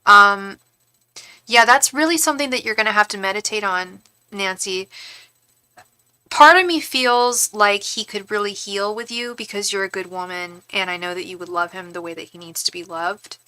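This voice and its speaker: Bright, smooth-voiced woman reading tarot live. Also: medium pitch, moderate pace, no room sound. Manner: reassuring, addresses viewers by name. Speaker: tarot reader hosting a live stream.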